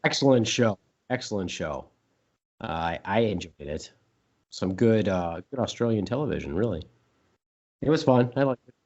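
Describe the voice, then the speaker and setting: A man's voice: lowish voice, animated, normal speed, pauses often, darkish tone, highs cut off. A man co-hosting a casual podcast chat, rambling and joking, now and then repeating silly words in put-on voices. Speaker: podcast co-host.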